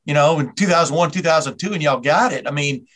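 A man's voice: fairly high pitch, fast talker, fairly bright tone. A man hosting a casual sports conversation, agreeable and often chiming in with short agreement. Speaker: host.

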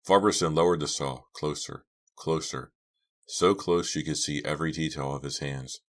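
A man narrating a horror audiobook with steady, tense storytelling. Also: very deep voice, moderate pace. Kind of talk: scripted narration.

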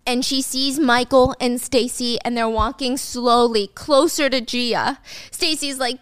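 A chatty, blunt woman narrating a casual drama recap and swearing now and then. Her voice is fairly high, and the close recording is dry. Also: steady tone, measured pace, clean tone, no room sound. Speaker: host.

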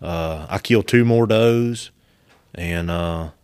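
A man's voice: sits low, slow pace, darkish tone, clean tone. A man, a podcast guest chatting casually in easygoing, teasing banter. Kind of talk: casual chat.

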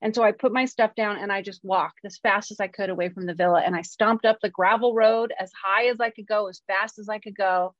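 Woman screenwriter telling a personal story, candid and salty-mouthed, middle-pitched. The recording is dry and slightly dull. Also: fairly even intonation, a little fast, hardly any pauses, no room sound. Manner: frank, swears freely, self-deprecating.

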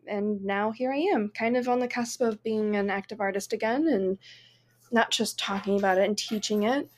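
A woman who teaches art, talking earnestly and with enthusiasm as a guest on a podcast conversation. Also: medium pitch. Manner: earnest, enthusiastic, talks fast in bursts.

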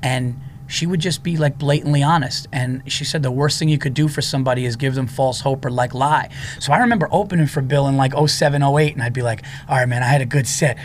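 A man in his forties, a comedian, telling stories in a casual, animated way and acting out the people he quotes. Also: medium pitch, a little hiss or hum. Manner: animated storyteller who acts out quotes. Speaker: comedian guest. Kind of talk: casual storytelling.

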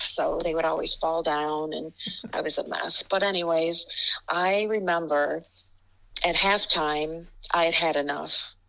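Middle-aged lady ref telling stories, gravelly and bright, laughs a lot. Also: on the low side, low-quality recording. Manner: animated, laughs often while telling stories. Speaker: basketball referee guest. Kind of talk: storytelling interview.

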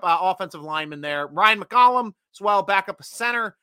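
With a high, clean-toned voice at normal speed in a dry recording, this man runs a laid-back sports fan livestream. He's chatty and energetic, reads out viewer comments, and has bursts of loud enthusiasm.

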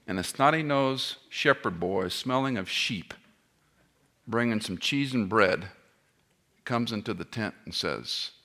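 A middle-aged man preaching a sermon, impassioned, swinging between loud cries and hushed tones, with self-deprecating asides. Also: lowish voice, expressive, a little slow. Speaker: pastor.

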